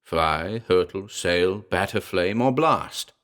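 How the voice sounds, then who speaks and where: A man voicing a gruff male gorilla in a storybook reading, talking in broken pidgin and then in slangy tough-guy wisecracks. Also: deep voice, animated, slow, fairly bright tone, heavily acted. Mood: wisecracking.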